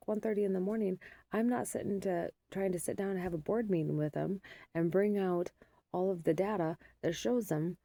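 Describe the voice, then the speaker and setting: Tired, gravelly low-voiced woman. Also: dark tone, no echo. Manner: rambling and weary, talking it through. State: sleep-deprived. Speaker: mother vlogging. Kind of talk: casual rambling vlog.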